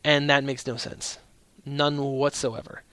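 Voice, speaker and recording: A man's voice: medium pitch, level tone, a little slow, sharp tone, smooth, no room sound. A man hosting a casual political podcast, opinionated and rambling, with frequent restarts. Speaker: podcast host.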